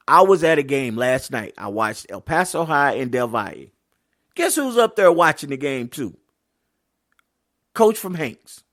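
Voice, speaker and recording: A man hosting a casual solo sports podcast, talking bluntly and swearing freely, slipping into quick quoted voices. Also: a little high, a bit bright, no room sound, studio quality. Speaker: podcast host.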